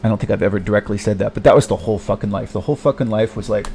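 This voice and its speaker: A man talking in a long confessional monologue, rambling and halting with many restarts, self-deprecating and bitter, swearing often. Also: lowish voice, dark tone, slight background noise. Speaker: vlogger.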